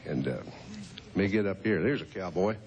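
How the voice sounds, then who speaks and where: The host, a man in his fifties, chats and jokes with children in a folksy manner, laughing often. His deep, darkish voice is animated and fairly quick, and the audio sounds dull.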